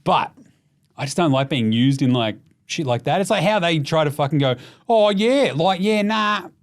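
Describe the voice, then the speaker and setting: A man with an Australian accent hosting a casual, profane basketball chat, joking and swinging into excited outbursts. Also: mid-range voice, brisk. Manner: animated, profane, jokey, bursts into shouts. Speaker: podcast host.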